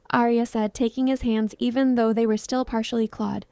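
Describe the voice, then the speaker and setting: A woman reading a dramatic romance story aloud as narrator, in a steady storytelling manner. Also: a little high, normal speed, hardly any pauses, clear, resonant tone, no room sound, studio quality. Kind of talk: scripted audiobook narration.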